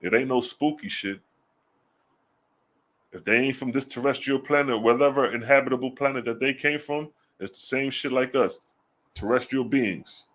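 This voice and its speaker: A man giving casual religious commentary, blunt and profane, firing off rhetorical questions and slowing down to read scripture aloud. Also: mid-range voice, a bit bright. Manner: reads scripture slowly and deliberately.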